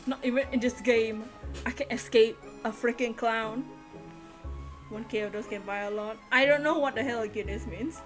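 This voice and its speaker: Giggly high-voiced woman streamer. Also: normal speed, fairly bright tone. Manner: giggly, chatty, frequent laughter. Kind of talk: casual live-stream game commentary. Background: game music.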